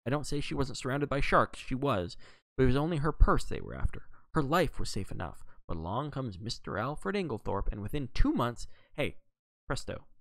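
A man reading a novel aloud, voicing a gruff, blunt middle-aged Englishwoman with a snappish, scornful manner. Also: medium pitch, very animated, normal speed, a bit bright, dry recording, pitched above the performer's own voice. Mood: indignant.

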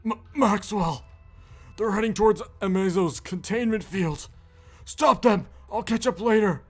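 A man's voice: a little high, big pitch swings, a little fast, faint music behind, voice pushed up. A man voicing an earnest, friendly male cyborg superhero as he reads game dialogue aloud, stumbling over a few words. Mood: urgent.

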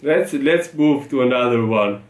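Here a man from Italy, speaking with an Italian accent, reacts to tweets he reads aloud, chatting casually, laughing frequently and echoing short phrases. He sounds expressive and a little slow at medium pitch, with some hiss or hum over the echoey room.

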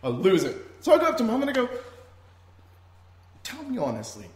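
A man's voice: extremely high pitch, huge pitch swings, racing, slight background noise. A man hosting a podcast, telling a story in a rambling, casual way, laughing often and swearing freely. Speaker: podcast host. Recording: roomy echo.

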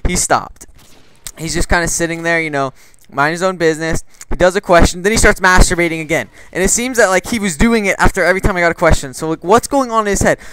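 A young man with a slightly high, smooth and clean voice tells loose, rambling stories over gameplay. He swears freely and trips over his words. His delivery is casual and unscripted, like chatting to his viewers. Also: fast talker, a bit bright, no room sound, rough recording. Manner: rambling, profane, filler-heavy. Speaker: gaming channel host. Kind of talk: casual gameplay commentary storytelling.

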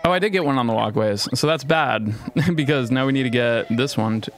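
A young man giving casual, profane, excitable commentary while streaming a game. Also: mid-range voice, brisk.

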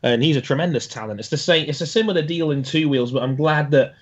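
A man co-hosting a casual motorsport chat, enthusiastic and halting with frequent restarts. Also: on the high side, highs cut off. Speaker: podcast co-host.

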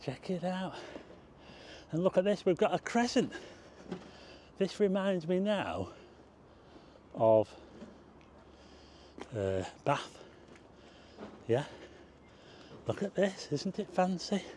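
A man's voice: sits high, expressive, slow, pauses often, darkish tone, slight background noise. A man narrating a casual walking tour, chatting to his viewers and exclaiming at what he sees. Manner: chatty, addresses viewers as folks, exclaims at sights. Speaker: travel vlogger. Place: outdoors on town streets.

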